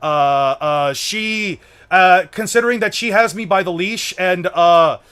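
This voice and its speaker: A man's voice: high voice, unhurried, fairly bright tone, clear, resonant tone. A young man streaming live, talking to chat in a profane, repetitive way with frequent stumbling restarts. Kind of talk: livestream chat.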